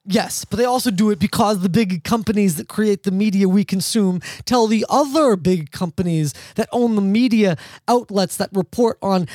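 A man's voice: high voice, a little mellow, no room sound. A man hosting a podcast in casual chat, sardonic and rambling, laughing often. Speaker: podcast host.

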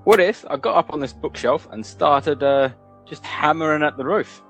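A man's voice: on the high side, normal speed, fairly bright tone, soft background music. A man playing a tabletop game, playful and stumbling over his words. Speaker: player. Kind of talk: casual tabletop play.

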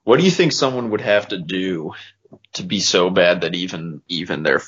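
A man's voice: low-pitched, lively intonation, normal speed, fairly bright tone, husky. A young man in casual podcast chat, laid-back with dry quips. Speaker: podcast co-host. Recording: dull lo-fi podcast audio.

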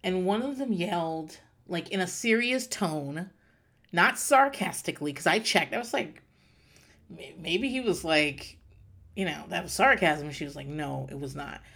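A woman's voice: on the low side, animated, measured pace, fairly bright tone. A woman hosting her podcast, telling a self-mocking story in a rambling, profane, casual comedic monologue. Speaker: podcast host.

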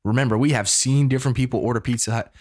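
A man in his thirties from the United States, telling a story casually in an animated, preacher-like way. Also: mid-range voice, very fast. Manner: animated, preacher-like call-and-response.

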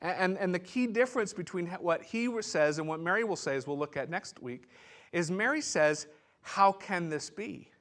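A man's voice: high-pitched, animated, brisk, a bit bright. A man pastor giving a sermon, teaching in a conversational way with asides and restarts.

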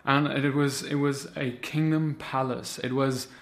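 A man's voice: mid-range voice, level tone, a little slow. A man preaching a sermon, recounting a vision and building into impassioned, repetitive exhortation.

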